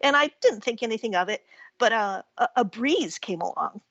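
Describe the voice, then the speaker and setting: A woman with a fairly high, husky voice tells a story on a radio talk show, animated and quick to laugh. The sound is dry and a little dull, like a lo-fi call. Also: no echo. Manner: animated storyteller who acts out quotes and laughs often. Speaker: guest folklorist and author.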